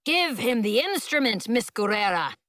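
A woman's voice: high-pitched, big pitch swings, moderate pace, sharp tone, dry recording, clean studio sound, full character voice. A woman voicing a harried, commanding male music teacher who bellows orders, in an audiobook.

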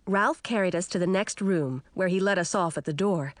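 A woman narrating a children's storybook aloud in an expressive, animated manner. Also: fairly low pitch, normal speed, no room sound. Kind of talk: storybook reading.

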